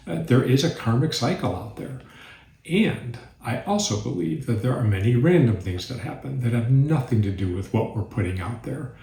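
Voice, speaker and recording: A man leading a mindful reflection group, giving a calm, thoughtful spiritual talk with occasional restarts. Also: medium pitch. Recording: echoey room.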